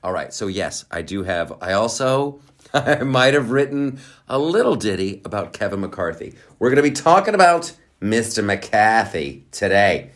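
A male podcast host with a lowish voice that leaps all over in pitch as he rambles. He talks playfully and excitably, hopping off on tangents and trading loud bursts for quiet, muttered asides. Casual solo show talk. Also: normal speed.

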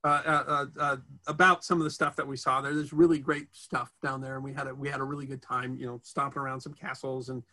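Fast, bright-voiced man telling stories. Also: medium pitch, little pitch movement. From United States. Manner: rambling storyteller with many restarts and fillers. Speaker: interview guest, history storyteller. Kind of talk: casual interview chat.

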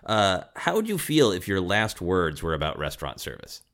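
A man's voice: low-pitched, huge pitch swings, brisk, a bit bright. A man hosting a podcast, asking curious questions and laughing often. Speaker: podcast host. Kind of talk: interviewing.

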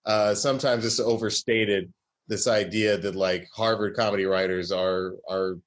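His pitch is fairly low, his tone steady, and his pace moderate. A Southern comedy writer from Georgia, he tells stories in a casual interview with a wry, rambling style that keeps circling back to fix what he said.

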